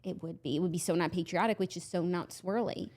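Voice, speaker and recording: A young woman co-hosting a podcast, speaking softly with dry humor while a bit under the weather. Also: fairly low pitch, steady tone, fast. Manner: soft-spoken, dry humor. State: slightly ill. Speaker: podcast co-host. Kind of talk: casual chat.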